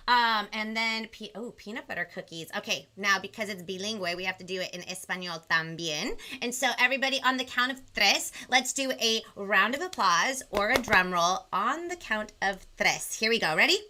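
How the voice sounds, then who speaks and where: A woman's voice: medium pitch, moderate pace, hardly any pauses, pushed and bright. A woman hosting a live bilingual children's show, bubbly, counting along and mixing in Spanish words. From Southern California. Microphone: video call.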